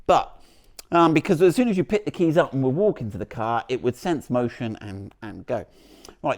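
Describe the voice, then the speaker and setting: A man's voice: fairly high pitch, darkish tone. A man presenting a car vlog outdoors beside the vehicle, chatty and jokey, rambling with restarts as he demonstrates.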